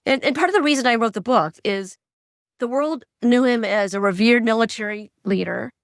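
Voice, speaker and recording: A middle-aged woman, a guest author, telling stories in an animated way and acting out quoted dialogue. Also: fairly high pitch, normal speed, dry recording, clean studio sound. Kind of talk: conversational storytelling.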